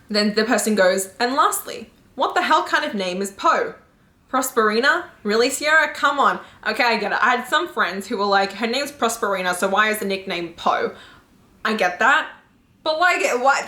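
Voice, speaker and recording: A young woman reacting to book reviews in a casual, animated, exclamatory way, laughing often and swearing casually. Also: mid-range voice. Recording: echoey room.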